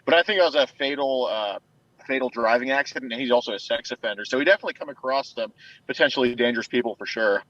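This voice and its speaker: A man's voice: medium pitch, fast talker, no room sound. Man on a dull, dry call line. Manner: relaxed, uses a lot of filler words. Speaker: guest. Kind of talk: casual interview answers.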